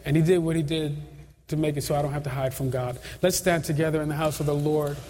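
A man's voice: on the high side, steady tone, fast talker, warm tone, a little hiss or hum. A middle-aged male pastor giving an altar call and leading prayer, earnest and pleading, often repeating phrases. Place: large church sanctuary. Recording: reverberant hall with faint ambience.

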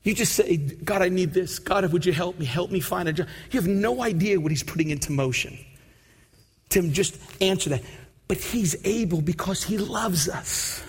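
A pastor preaching a sermon and leading an altar call prayer, pleading and repetitive, building to shouted prayer. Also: male voice, sits high, moderate pace, breathy edge.

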